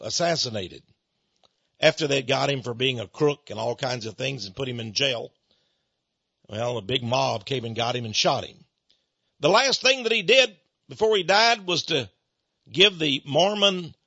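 A man's voice: mid-range voice, sharp tone, slightly rough, no echo. A man preaching in a radio-style commentary, emphatic and given to sarcastic asides, on a dull lo-fi recording.

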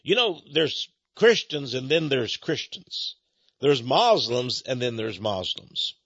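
A man's voice: mid-range voice, big pitch swings, slow pace, a bit bright, slightly rough, no room sound, dull audio. A man preaching to his viewers as an evangelist minister, earnest and rambling, often repeating words and restarting sentences.

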